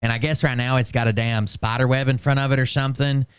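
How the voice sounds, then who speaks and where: A man's voice: mid-range voice, fairly even intonation, fast, clear, resonant tone, no room sound. A man hosting casual commentary, sardonic and swearing freely. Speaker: commentary streamer.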